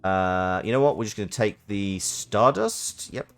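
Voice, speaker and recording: A man streaming a game, reading its text aloud and chatting in animated, quick asides. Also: lowish voice, faint music behind. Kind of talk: casual game playthrough with narration.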